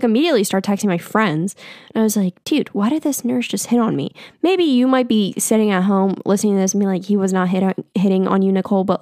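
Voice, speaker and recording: A woman's voice: medium pitch, no room sound. Young woman podcast host, chatty storyteller, close dry recording. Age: 20s. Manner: chatty, animated, frequent "like" fillers. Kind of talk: casual storytelling.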